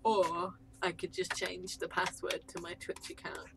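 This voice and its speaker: A woman co-hosting a live drawing stream, chatting casually and teasing with playful deadpan jokes. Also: lowish voice, a little slow, gravelly. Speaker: stream co-host.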